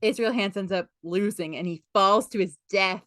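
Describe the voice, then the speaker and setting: A woman's voice: mid-range voice, moderate pace, a bit bright, no room sound, studio quality. A woman hosting a book club podcast, retelling a story in a rambling, filler-heavy casual chat. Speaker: podcast host.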